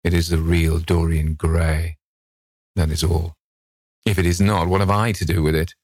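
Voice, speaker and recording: A man reading an audiobook and voicing a languid, witty aristocratic gentleman with a cool, amused drawl. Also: low voice, level tone, normal speed, no echo, clean studio sound.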